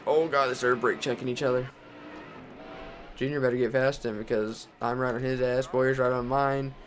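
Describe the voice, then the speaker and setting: A man's voice: medium pitch, level tone, normal speed, a little hiss or hum. A young man from Texas commentating his racing game career, talking his way through the race and ranting with profanity. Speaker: gaming channel host.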